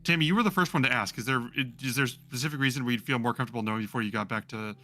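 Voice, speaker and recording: Bright-voiced man running a tabletop game. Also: medium pitch, racing. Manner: relaxed, with many fillers. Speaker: game master.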